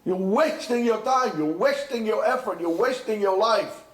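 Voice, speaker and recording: A man's voice: sits high, normal speed. A man teaching a Torah lesson at a yeshiva, impassioned, repeating himself and restarting phrases. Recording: echoey room.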